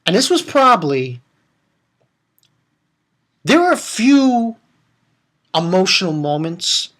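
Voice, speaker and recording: A man reviewing an anime episode in a rambling, excitable way, stumbling over names and jumping up into high squeals. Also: slow.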